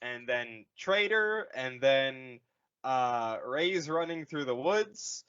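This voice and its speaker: A man's voice: medium pitch, animated, takes it slowly, fairly bright tone, clear, resonant tone, lo-fi sound. A man co-hosting a casual comedy podcast, rambling through a movie retelling and slipping into goofy voices for the characters.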